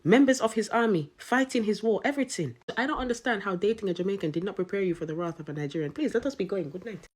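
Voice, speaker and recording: A woman's voice: medium pitch, fast, few pauses, a little mellow. A young woman doing comedic rants and mock courtroom sentencings with an exasperated, sarcastic delivery. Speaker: comedy content creator.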